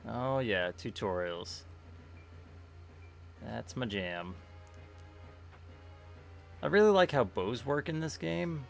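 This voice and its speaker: Man, gravelly voice, casual game commentary, faint music behind. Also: mid-range voice, slow, pauses often. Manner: relaxed, thinking aloud with fillers. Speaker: streamer playing a tactics game.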